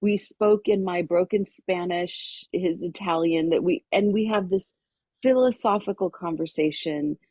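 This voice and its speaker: A middle-aged woman guest on a podcast, telling a personal story with lively energy and acting out the voices of people in it. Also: on the low side, a little slow, no echo. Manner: lively storyteller who acts out quoted voices.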